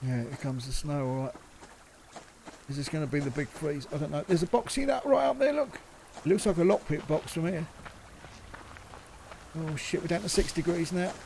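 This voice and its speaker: A man gives running commentary on a survival game, muttering to himself and swearing mildly. His voice sits a touch high but has a gravelly, crackly edge. A clear hiss of noise runs under the recording. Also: darkish tone. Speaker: gaming channel host.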